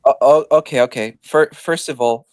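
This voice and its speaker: A man debating as a caller in an online voice chat, quick and defensive, pushing to get his turn. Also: mid-range voice, darkish tone. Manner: quick, defensive, pushes to respond.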